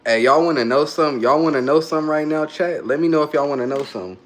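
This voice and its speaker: A man's voice: fairly high pitch, rapid-fire. Queasy man burping through a livestream. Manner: loose, joking, reads chat aloud. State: burping, queasy after hot sauce. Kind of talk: casual livestream chat.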